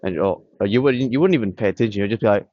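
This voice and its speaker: A man with a fairly low voice rambles bluntly to his camera, dismissive and repetitive. The sound is dry and close, with dull lo-fi camera audio. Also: racing, dry recording. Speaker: vlogger. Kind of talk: casual rambling monologue. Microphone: camera on tripod.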